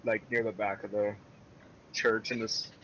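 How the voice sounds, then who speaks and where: A laid-back man at a tabletop game mumbles through his character's actions. His voice has a sharp, bright edge over a faint hum of noise. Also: fairly low pitch, level tone, a little slow, muffled recording. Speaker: player.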